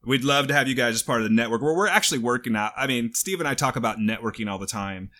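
Host, male, fast and bright-voiced, casual. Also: mid-range voice. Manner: quick, talks about himself as a fast talker. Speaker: podcast host. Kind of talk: casual chat.

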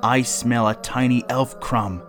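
A man's voice: medium pitch, steady tone, measured pace, fairly bright tone, faint music behind, lightly acted. A man voicing a mean, vicious giant male pixie in a read-aloud storybook, bellowing menacing chants. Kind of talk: storybook character voice.

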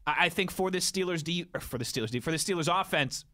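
A man hosting a casual sports talk show, animated and quick to laugh. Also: on the high side. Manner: animated, laughs often, breaks into playful singing.

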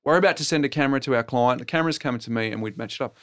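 A middle-aged Australian man spins an animated, rambling anecdote at a brisk clip, chuckling as he goes. His voice sits at an ordinary pitch and sounds close and dry, with no room around it. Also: no echo. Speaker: podcast guest and TV property co-host. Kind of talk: casual storytelling conversation.

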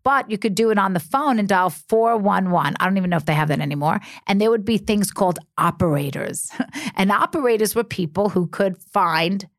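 Woman guest, chatty storyteller, animated delivery, dry close sound. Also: medium pitch, a little fast, no echo. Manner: animated, chatty, self-interrupting. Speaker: reality TV personality, podcast guest. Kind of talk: casual storytelling chat.

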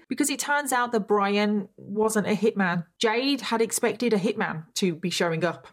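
Woman, true crime storyteller, conversational and wry, average pitch. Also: normal speed, hardly any pauses. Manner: chatty with wry rhetorical asides. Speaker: true crime podcast host.

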